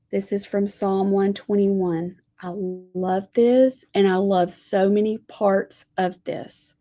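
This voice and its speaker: Woman, lettering teacher, chatty and folksy, unhurried, warm mellow tone. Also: mid-range voice, steady tone. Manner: chatty, folksy, says y'all. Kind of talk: live-streamed craft lesson.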